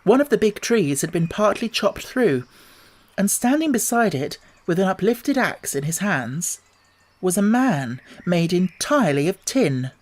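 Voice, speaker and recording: A man's voice: sits high, big pitch swings, measured pace. Man reading a storybook aloud. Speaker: audiobook narrator. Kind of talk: scripted narration.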